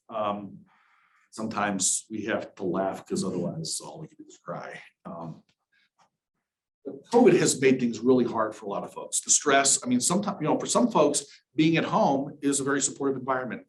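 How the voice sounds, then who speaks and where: A middle-aged man talks frankly to a room of listeners, conversational and plain-spoken, slipping in dry, dark humor as he leads a workshop session. His mid-pitched voice carries a roomy echo, with faint background noise underneath. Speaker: university accessibility office director. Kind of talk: workshop presentation. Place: presentation room with an audience.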